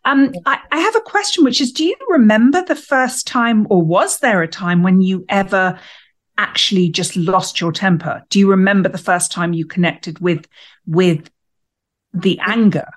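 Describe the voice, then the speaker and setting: A woman's voice: medium pitch, moderate pace. A woman co-hosting a podcast, asking the guest thoughtful questions. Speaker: podcast co-host. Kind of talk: conversational interview.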